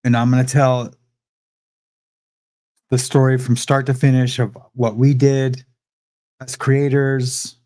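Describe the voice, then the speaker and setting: A man's voice: mid-range voice, little pitch movement, slow, long pauses, dark tone. A young adult man hosting a livestream, rambling defensively and repeating himself in a heated rant. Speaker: livestream host.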